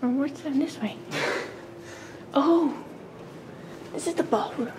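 A woman's voice: sits high, slow, background noise. A young woman chatting and giggling while she films herself exploring a hotel. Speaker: vlogger. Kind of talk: casual handheld vlog chat. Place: indoors in a hotel, hallways and vending area. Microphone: handheld camera.

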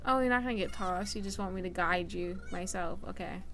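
A woman's voice: medium pitch, brisk. A young woman streamer chatting and swearing casually as she plays a game and talks to its characters. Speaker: gaming streamer. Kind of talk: casual let's-play commentary. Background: game music.

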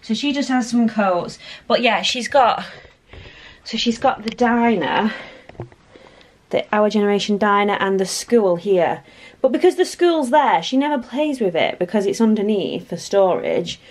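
A woman's voice: medium pitch, very animated, a little slow. A woman, chatting casually and rambling while filming her home on a handheld phone. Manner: chatty, rambling, self-deprecating. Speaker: vlogger. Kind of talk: casual home vlog chat. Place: family home, indoors.

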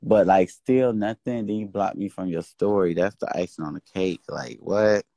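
A male social media host vents and swears freely on a casual indoor livestream, sounding exasperated. His deep voice is steady and warm, at a moderate pace, with no echo.

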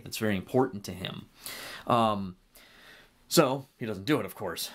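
Guy with a lowish voice doing a chatty movie review, animated, lots of restarts. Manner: animated retelling with a halting, self-correcting flow. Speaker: film reviewer and faith commentator. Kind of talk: casual spoken film review.

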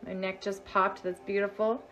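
A woman's voice: mid-range voice, little pitch movement, moderate pace, a bit bright, soft background music. A woman energy healer leading a live guided healing session, soothing and chanting a repeated release mantra.

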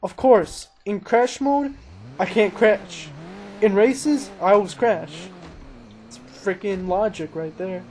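A man casually commentating his own racing gameplay, excitable and self-mocking, talking to himself as he plays. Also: sits high, slow pace. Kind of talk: casual let's-play commentary. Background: engine noise and crashes from the game.

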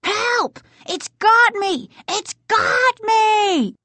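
A woman's voice: sing-song, measured pace, breathy edge, dry recording, heavily acted. A woman doing a jumpy, frightened young boy. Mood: terrified. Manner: cries out in high panicked bursts.

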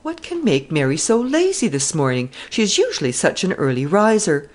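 A woman's voice: fairly low pitch, very animated, moderate pace, voice pushed up. A woman reading the part of a cheerful, chatty young army captain in a classic novel. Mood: breezy. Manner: breezy, chatty.

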